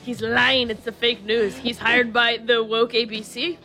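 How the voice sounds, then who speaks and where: A woman's voice: a little high, flat delivery, unhurried, bright, forceful tone, soft background music. A woman doing an impression of a boastful male politician, pompous and repetitive.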